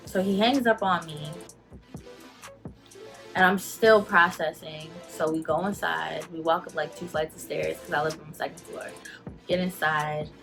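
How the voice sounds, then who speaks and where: A young woman telling a personal story to her channel in casual talk, animated and emotional, full of "like" fillers, holding back tears. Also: low-pitched, normal speed, faint music behind. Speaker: vlogger.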